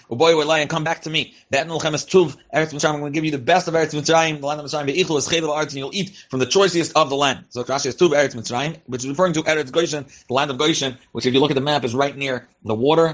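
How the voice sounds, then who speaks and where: Fast-talking man teaching verse by verse. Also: mid-range voice, steady tone. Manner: reads Hebrew phrases then translates, Yiddish-inflected yeshivish terms; loose spoken delivery with fillers and restarts. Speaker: Torah teacher. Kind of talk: verse-by-verse Chumash and Rashi class.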